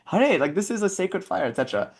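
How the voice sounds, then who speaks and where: A man's voice: high-pitched, big pitch swings, fast, creaky, husky, voice pushed up, exaggerated voice. A man voicing an old male ascetic monk who scolds in an offended, raised voice. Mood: indignant.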